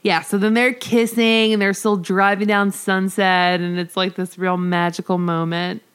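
A woman in her thirties co-hosting a casual chat, giggly and animated as she recaps a TV episode. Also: mid-range voice, normal speed, smooth. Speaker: podcast co-host.

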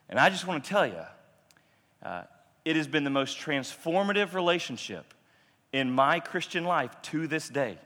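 A man's voice: fairly high pitch, bright, forceful tone. Man preaching in a reverberant hall. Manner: conversational, self-deprecating, with fillers and quoted dialogue. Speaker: pastor. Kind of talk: sermon storytelling. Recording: long reverb of a large hall.

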